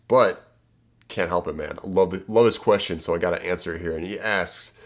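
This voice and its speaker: A man with a low voice talks straight to the viewer as a dating coach. His delivery is casual and emphatic. He keeps tagging his points with quick checks like "okay?" and "right?". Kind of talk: direct-to-camera advice talk.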